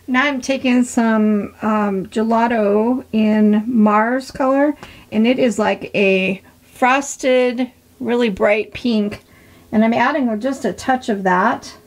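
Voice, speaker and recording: Chatty woman, slightly high voice, walking through an art journal page, encouraging. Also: slow pace. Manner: chatty, encouraging, admiring her work. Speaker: art tutorial host. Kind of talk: casual craft demonstration narration.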